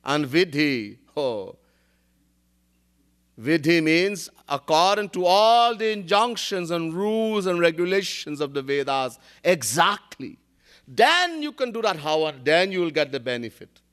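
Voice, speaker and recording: Man, spiritual teacher, devotional discourse, chants verses, laughs often, slow. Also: on the high side, lively intonation, fairly bright tone, clear, resonant tone. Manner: storytelling with chanted Sanskrit verses.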